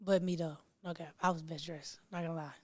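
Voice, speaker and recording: A young woman, hosting a show and telling excited, slangy stories in casual chat. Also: deep voice, a little fast, noisy background. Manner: excitable, slangy, animated storytelling. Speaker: podcast host. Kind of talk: casual storytelling to camera.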